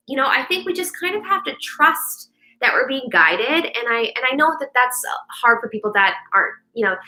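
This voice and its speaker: A young woman with a bright, forceful voice pitched a little high chats on her live meditation stream. She is upbeat and talkative, and she often restarts her sentences or fills pauses with "like" and "you know.". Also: low-quality recording. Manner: chatty and upbeat, with many fillers and restarts. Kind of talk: casual live-stream chat.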